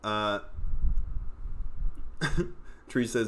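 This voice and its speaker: A man's voice: fairly high pitch, a little slow, bright, forceful tone, a little hiss or hum. A young adult man from Oklahoma hosting a comedy political livestream, ranting profanely and sarcastically and reading chat aloud. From Oklahoma, USA. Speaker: comedian host.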